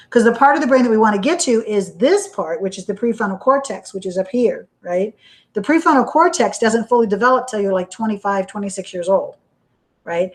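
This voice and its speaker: A woman giving a recorded university lecture in a conversational way, asking "right?" after almost every point and acting out panicked inner voices to make examples vivid. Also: medium pitch. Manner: conversational, checks in with "right?" constantly.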